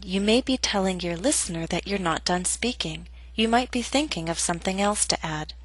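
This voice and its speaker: A woman narrating a scripted English pronunciation lesson in an even, read-aloud manner. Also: fairly low pitch, dry recording, low-quality recording.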